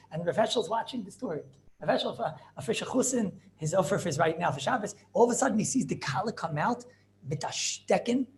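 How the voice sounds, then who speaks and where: Animated storytelling rabbi. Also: male voice, slight background noise. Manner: animated, acts out characters with shifting pitch. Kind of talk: storytelling Torah talk.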